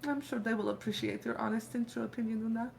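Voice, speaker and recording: Bubbly rat shopkeeper, voiced by a woman, polite and grateful, a touch of soft music under him. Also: a little high, little pitch movement, fast, vocal fry. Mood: cheerful.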